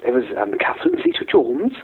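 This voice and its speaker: A man voicing a mischievous male gnome with a Welsh accent, calling in on the phone and rambling through a long tale in a gravelly, husky voice. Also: medium pitch, wildly swooping pitch, a little fast. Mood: cheeky. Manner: rambling storyteller with sing-song rises and falls. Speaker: phone-in caller. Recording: tinny phone line.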